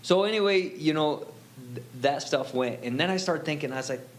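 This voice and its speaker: A man telling his own story in a relaxed, rambling way, full of fillers and quoted lines. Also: a little high, moderate pace, low-quality recording. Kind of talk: casual storytelling.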